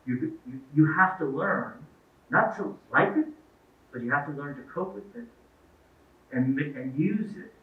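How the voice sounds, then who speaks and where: Addressing parents as a guest speaker in an event hall, this middle-aged man tells anecdotes and performs the quoted dialogue. He speaks at a measured pace with frequent pauses, in a slightly high voice with lively intonation. The sound is echoey, distant, and phone-like.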